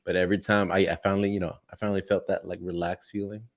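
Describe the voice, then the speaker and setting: Podcast co-host, man in his thirties, very low voice, relaxed banter with frequent swearing. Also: very fast. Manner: laid-back, swears often, laughs a lot. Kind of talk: casual chat.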